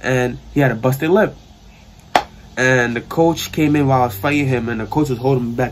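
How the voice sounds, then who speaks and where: Brisk and medium-pitched, a young adult man with a New York accent talks over a little hiss or hum. He's a vlogger telling a casual story from his sister's bedroom, with a rambling, slangy, animated retelling.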